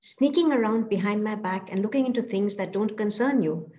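A woman voicing an angry older man, stern head of a household, speaking low and hard with anger. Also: fairly quick, dark tone, lo-fi sound, lightly acted.

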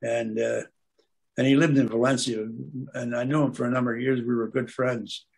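Gravelly older man telling stories. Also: mid-range voice, flat delivery, moderate pace, a little mellow. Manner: meandering, searches for words with many fillers. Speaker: guest speaker at an aquarium club. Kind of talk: rambling anecdotal storytelling.

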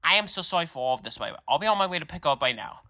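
A man's voice: a little high, expressive, very fast, sharp tone, no echo, clean studio sound. A man voicing an upset, apologetic father in a homemade cartoon. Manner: exclaiming, apologetic.

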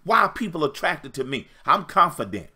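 A man's voice: fairly high pitch, sing-song, a little fast, pushed and bright, husky. A man giving a livestream dating-coach talk, preacher-like, emphatic and repetitive with call and response.

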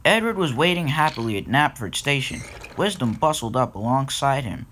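A man's voice: medium pitch, lively intonation, normal speed, fairly bright tone, a little hiss or hum. A man narrating a fan-made storybook episode and talking directly to listeners. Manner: plain reading, talks straight to listeners.

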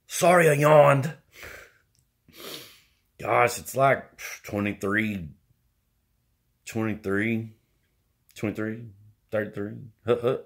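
A middle-aged man vlogging in a rambling, folksy, self-mocking monologue, using country slang and jumping into squeaky, whiny exclamations. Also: gravelly. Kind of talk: rambling casual monologue to camera.

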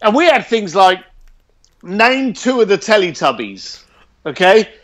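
High-voiced blunt man telling stories. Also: unhurried. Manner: animated, blunt, swears freely. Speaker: interview guest. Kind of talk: casual storytelling.

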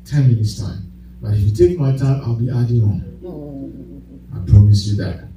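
A man's voice: medium pitch, moderate pace, mellow, slight background noise. Preaching man in an echoey hall. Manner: call-and-response preaching, bursts of laughter. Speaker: pastor. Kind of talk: sermon. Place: church. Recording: echoey church hall, distant mic.

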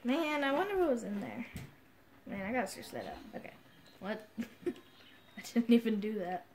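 A woman commentating a video game playthrough, excitable and self-mocking, quick to yell at the game. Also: fairly high pitch, creaky, a little hiss or hum. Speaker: gamer. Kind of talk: let's play commentary.

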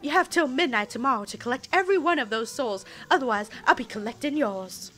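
A woman reading the lines of a menacing male devil with a Southern US accent, slow and roaring. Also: high-pitched, expressive, sharp tone.

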